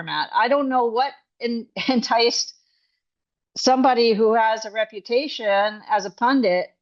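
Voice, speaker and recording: A woman's voice: fairly high pitch, lo-fi sound. A woman coach and author speaking as an interview guest, emphatic and indignant, often restarting her sentences. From Canada.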